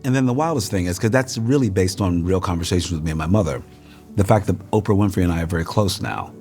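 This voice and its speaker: A middle-aged man, a guest in a casual interview over a meal, telling lively stories and acting out the voices of the people in them. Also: low voice, fast, faint music behind. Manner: animated storyteller, acts out quoted voices.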